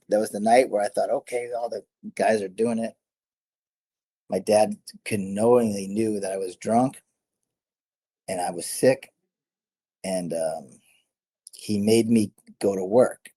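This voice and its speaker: A middle-aged man, a former fighter, tells stories in a loose, rambling way, often correcting himself and laughing. His voice sits low and sounds husky. His tone stays dark and mellow. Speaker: guest, former MMA fighter. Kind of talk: casual storytelling interview.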